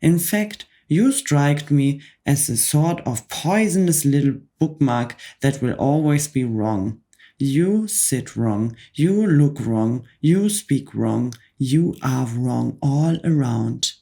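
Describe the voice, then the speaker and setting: A woman in a soft whispered role-play voicing a huge, furious female headmistress who barks scornful orders at children. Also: extremely low pitch, animated, slow, exaggerated voice. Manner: barking, scornful.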